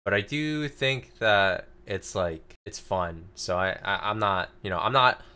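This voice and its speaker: A man's voice: lowish voice, unhurried, bright, forceful tone, smooth. A man co-hosting a podcast, reviewing comic chapters in casual, rambling chat full of "like" fillers. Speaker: podcast co-host.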